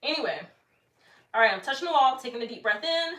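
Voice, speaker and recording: High, bright-voiced woman, breathless workout chat, mic set back in an echoey room. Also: expressive, quick pace, far from the mic. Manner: chatty, laughing, counts aloud. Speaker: fitness vlogger. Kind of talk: casual workout livestream chat. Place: home room with an exercise mat.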